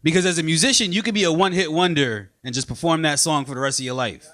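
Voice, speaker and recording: A man from Brooklyn, doing a stand-up comedy set on a club stage with punchy, animated delivery. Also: fairly high pitch, fast talker. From Brooklyn, New York.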